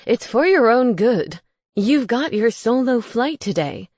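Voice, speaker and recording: A woman's voice: fairly high pitch, sing-song, a little slow, darkish tone, no echo, pitched above the performer's own voice. A woman voicing a bossy, snooping male ghost housemate who teases and gets indignant. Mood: teasing, loud. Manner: teasing, indignant.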